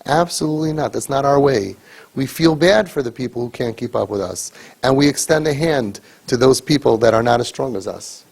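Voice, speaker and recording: Husky man lecturing a group earnestly. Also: medium pitch, brisk, a little mellow. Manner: earnest, emphatic, with repeated rhetorical questions. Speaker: parent crisis coach leading a sibling training group.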